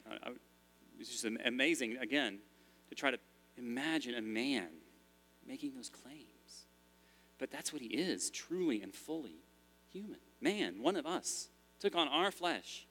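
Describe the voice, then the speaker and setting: A man's voice: mid-range voice, sharp tone. A man preaching a sermon in a church as pastor, in a conversational style with frequent restarts.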